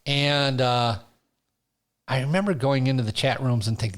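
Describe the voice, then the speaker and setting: Male stand-up guest, storyteller, animated, mid-pitch voice. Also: normal speed. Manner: animated, laughs through his stories. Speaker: stand-up comedian, interview guest. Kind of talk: casual storytelling.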